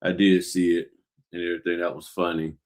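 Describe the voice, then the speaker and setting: A man's voice: sits low, flat delivery, fairly quick, a little mellow. A man hosting a casual livestream about the notary business, slightly winded, greeting viewers by name while he works on paperwork. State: a little winded.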